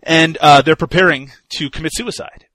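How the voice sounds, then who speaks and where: A man co-hosting a casual film review podcast, talking in loose, rambling bursts and laughing often. His voice is bright and forward. The sound is close and dry. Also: fairly high pitch, moderate pace, dry recording.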